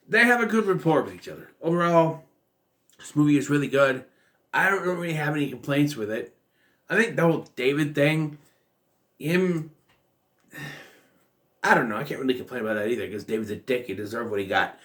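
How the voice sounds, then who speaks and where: A man's voice: on the high side, lively intonation, a little fast, pauses often, fairly bright tone. A man vlogging a casual film recap and review, rambling loosely with filler words and restarts. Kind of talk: casual spoken movie recap.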